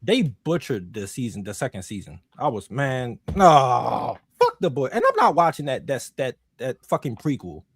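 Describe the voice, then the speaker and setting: A man talks on a casual podcast in an emphatic, profane way, with a voice that rises and falls widely. His pitch sits in the middle range. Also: huge pitch swings, normal speed, few pauses, slightly rough, no echo, studio quality. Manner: emphatic, swears a lot, says "bro".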